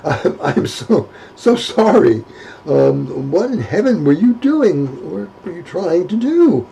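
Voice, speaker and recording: A man with a gravelly voice voicing a jovial gentleman who stutters through his words, pitched up. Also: big pitch swings, takes it slowly, slight background noise, heavily acted, poor audio. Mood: amused. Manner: stuttering, laughing, raised pitch.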